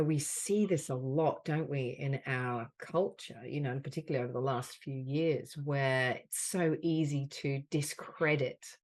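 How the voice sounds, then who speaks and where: A woman hosting a group healing call on a video call, slowly leading gentle repeated affirmations. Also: extremely low pitch. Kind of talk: guided group session.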